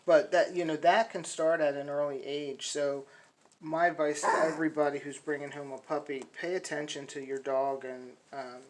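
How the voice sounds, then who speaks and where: A middle-aged woman with a low, deep-set voice talks to puppy buyers in a loose, rambling way, full of ums and restarts. She records on her phone, and a faint hiss of noise sits behind her. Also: steady tone, normal speed, a little mellow, rough recording. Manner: chatty, rambling with many fillers and restarts; high sing-song baby talk to the puppies. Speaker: dog breeder. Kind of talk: casual vlog to puppy buyers.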